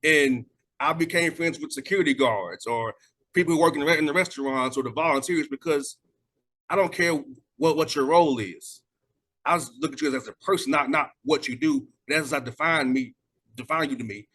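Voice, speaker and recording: A man's voice: a little high, fairly quick, bright, forceful tone. A man hosting a radio interview show, talking earnestly and reflectively in casual conversation.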